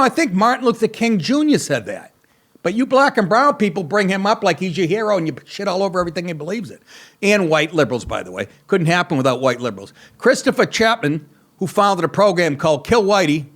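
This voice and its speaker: An older man in his sixties rips through a comedic monologue, crude and sarcastic. His voice sits a bit high, and his pitch swings widely as he chuckles at his own jokes. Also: a bit bright. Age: 60s. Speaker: comedian podcast host. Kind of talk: comedic talk-show monologue.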